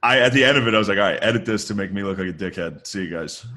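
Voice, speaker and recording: Low-voiced man telling profane stories. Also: very fast, bright, forceful tone. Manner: loose, profane storytelling with laughs. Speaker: podcast co-host. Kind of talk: casual comedic chat.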